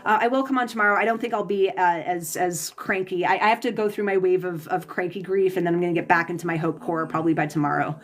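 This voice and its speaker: A woman's voice: lowish voice, steady tone, quick pace, hardly any pauses. A woman reading tarot on a livestream, venting heatedly and profanely as she answers viewers' comments, stumbling and restarting her sentences. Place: home, Pacific time zone.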